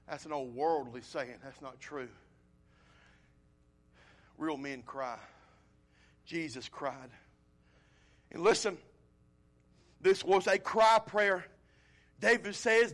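A male pastor preaching a sermon, swinging from loud pleading appeals to quiet, low storytelling. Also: takes it slowly, pauses often.

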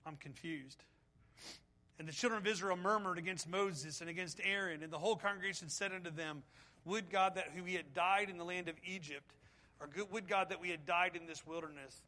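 A male pastor preaching with a high, bright voice. He asks rhetorical questions and pleads with his listeners, building to intense appeals. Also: fairly quick. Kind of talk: sermon.

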